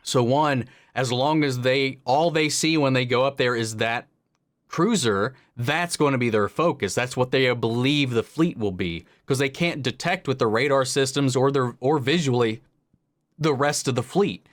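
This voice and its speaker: A man talks casually as he hosts a reaction video. His speech rambles, full of fillers and false starts, and it sits at an ordinary middle pitch. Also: moderate pace, no room sound, clean studio sound. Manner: rambling, filler-heavy talk with frequent restarts.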